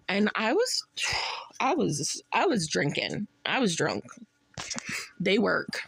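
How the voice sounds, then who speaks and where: A woman's voice: fairly low pitch, creaky, fairly bright tone. A woman hosting a reaction channel, talking bluntly and mockingly in casual commentary, swearing freely.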